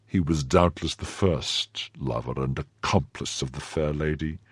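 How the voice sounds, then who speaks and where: Man voicing a bitter drunken nobleman, low husky voice, slow grim delivery, audiobook. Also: no echo, studio quality, heavily acted. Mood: grim, brooding.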